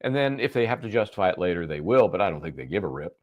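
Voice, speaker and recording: A man's voice: deep voice, sing-song, racing, lo-fi sound. A man giving live legal commentary in a sarcastic, conversational way.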